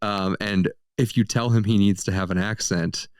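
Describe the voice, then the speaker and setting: A man's voice: fairly low pitch, steady tone, moderate pace, clear, resonant tone, dry recording, clean studio sound. A man co-hosting a movie review podcast, joking around in easy, casual banter. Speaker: podcast co-host.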